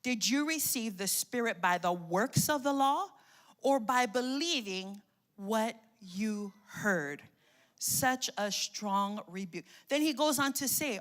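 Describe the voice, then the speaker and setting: A woman pastor preaching a lively call-and-response sermon. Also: fairly high pitch, a little slow.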